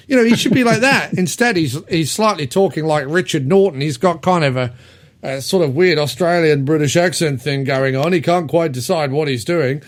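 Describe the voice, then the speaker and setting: A man talking through an old film in a loose, casual podcast chat. His voice sits a bit high for a man, and he rambles, filling gaps with ums and breaking into laughs. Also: animated, normal speed. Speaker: podcast host. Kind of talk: casual movie review chat.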